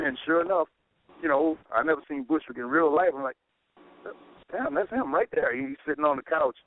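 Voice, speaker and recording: Rapper telling stories over a phone line. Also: male voice, fairly high pitch, fairly quick. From Port Arthur, Texas. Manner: loose anecdotal storytelling. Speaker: rap group member, guest. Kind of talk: casual radio interview. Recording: tinny phone-line radio audio, faint hiss.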